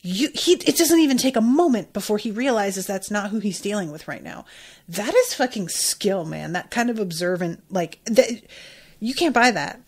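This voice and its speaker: A woman's voice: medium pitch, expressive, normal speed, husky. A woman podcast host recaps an episode in casual chat, talking in a mid-range voice. She reacts in an emphatic, exclamatory way, with frequent swearing.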